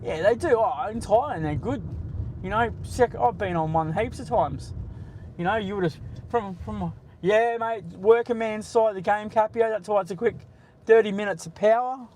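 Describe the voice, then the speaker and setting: A high-voiced Australian man in his late forties talks bluntly and swears freely as he banters with viewers on a live stream. He is driving, with a faint hum of traffic behind him. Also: moderate pace, darkish tone, rough recording. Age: 40s. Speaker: livestream host. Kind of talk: casual live-stream chat while driving. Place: in a car.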